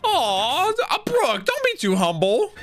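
A young man hosting a casual anime reaction, talking to himself and breaking into loud excited outbursts. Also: very high voice, slow pace, faint music behind.

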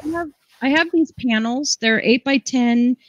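A woman's voice: sits high, moderate pace, dull audio, slight background noise. A woman hosting a live craft demonstration, chatty and enthusiastic, explaining each step. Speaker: craft show host.

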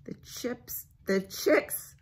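A woman librarian reading a picture book aloud at bedtime, gently asking the children questions and sinking into a hushed near-whisper. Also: very slow.

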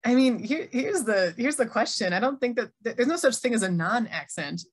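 A middle-aged woman from Minnesota with an American accent gives a conversational keynote at an online conference, reading audience chat replies aloud. She teaches Arabic, and her voice is a little high, expressive and brisk, with a breathy edge.

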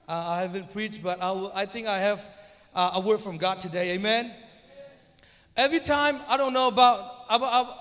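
Young male guest preacher, second-language English speaker (Zomi native), high voice, halting and nervous delivery, long church reverb. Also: fairly bright tone. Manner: hesitant, stumbling and restarting. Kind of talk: church sermon.

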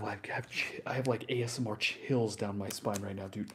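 A young man whispering through an ASMR livestream while opening trading card packs, slangy and excitable, bursting into loud hype now and then. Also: lowish voice, brisk, few pauses, slight background noise. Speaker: ASMR streamer.

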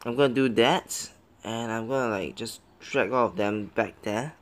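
Young male gameplay commentator, mid-pitched, excitable, mutters plans, yelps and pleads at close calls. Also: normal speed. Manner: pleads and begs at the game. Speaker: game commentator.

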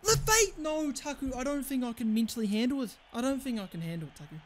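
A young New man venting over a match, his voice swinging wildly between low mutters and sudden yelled complaints. He curses freely and sounds fed up with his own player. The delivery is loose, casual banter. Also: lively intonation, rapid-fire, crowd noise. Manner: exasperated, swearing outbursts at the game. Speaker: gaming channel host.

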